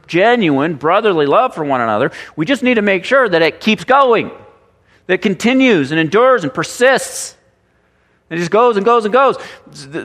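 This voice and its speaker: A man pastor preaching a sermon, animated and full of rhetorical questions and repeated phrases. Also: sits high, in a large hall.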